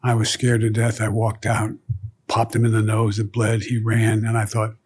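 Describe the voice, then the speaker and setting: An older man, a guest, recalling childhood stories in a relaxed conversation, often dropping to a low murmur. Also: moderate pace, slightly rough. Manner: reflective anecdotes, trailing to a low murmur. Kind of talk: storytelling in conversation.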